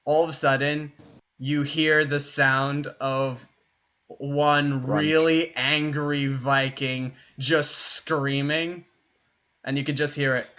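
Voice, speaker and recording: A young man running a tabletop game, his voice bright and a touch high. He narrates the action quickly and animatedly, filling pauses with "uh" and "like". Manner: animated, fast, filler-heavy. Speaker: game master.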